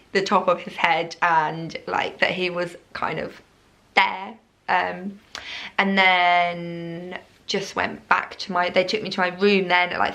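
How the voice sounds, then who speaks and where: A young woman chatting to camera about her birth story, her bright voice running on in a loose, rambling way. She fills her talk with "like" and "um" as she goes. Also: medium pitch. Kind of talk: casual chat to camera.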